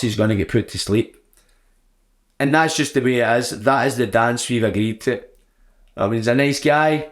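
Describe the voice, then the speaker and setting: Sweary man telling a story. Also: medium pitch. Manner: blunt, sweary, animated storytelling. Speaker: podcast host. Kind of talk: casual solo chat.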